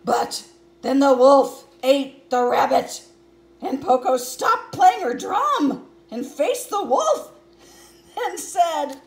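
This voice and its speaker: A woman's voice: high voice, lively intonation, very slow, reverberant. A woman reading a picture book aloud, giggling often and adding chatty asides between pages.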